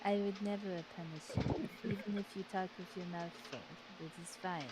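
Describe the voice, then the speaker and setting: A woman's voice: medium pitch, steady tone, normal speed. A woman playing a tabletop game, chatting in a playful, bantering way. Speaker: player. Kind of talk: casual tabletop game chat. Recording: noisy background hiss.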